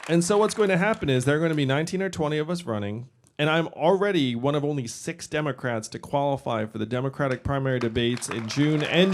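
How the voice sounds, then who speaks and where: A man in his forties giving a casual, conversational campaign speech to a live audience, with quick asides and laughs. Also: a little high, animated, a faint crowd, a little hiss or hum. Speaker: political candidate speaking to a crowd. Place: event venue with a live audience.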